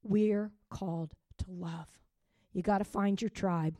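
A middle-aged woman pastor giving an emotional testimony sermon, dropping to soft whispers and rising to loud joyful outbursts. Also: medium pitch, steady tone, slow pace, no room sound, studio quality.

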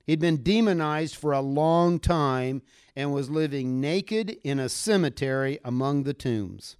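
A man preaching a sermon, retelling a scripture story with animated delivery and acting out the voices of the people in it. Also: on the high side, unhurried, clear, resonant tone, no echo, clean studio sound. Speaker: pastor.

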